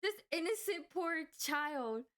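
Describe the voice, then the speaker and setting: A woman's voice: very high-pitched, animated, slow pace, a bit bright. A young woman telling a work story casually, with rambling restarts and frequent fillers. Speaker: vlogger.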